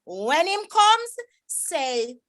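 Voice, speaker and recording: A woman reciting a dialect poem as a proud, exasperated Jamaican mother scolding her son, in a sharp, reproachful voice. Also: high voice, big pitch swings, drawn-out words, pitched above the performer's own voice, exaggerated voice. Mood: mocking.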